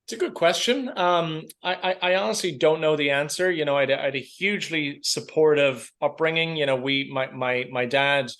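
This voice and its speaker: A man's voice: a little high, brisk, few pauses, fairly bright tone. An Irish man in his thirties, a guest in a casual podcast interview, who often stops and repeats words while he thinks.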